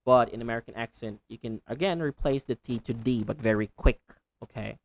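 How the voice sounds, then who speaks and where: A woman teaching English pronunciation, repeating words slowly with exaggerated, deliberate enunciation. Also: rumbling low, creaky, crowd noise, noisy background. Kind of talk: pronunciation tutorial.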